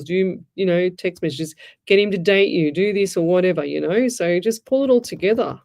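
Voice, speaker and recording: A woman's voice: medium pitch, darkish tone. Chatty, blunt woman medium. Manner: chatty, rambling, frank and blunt advice. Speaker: psychic medium radio host. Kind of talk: casual live-stream chat, reading out comments.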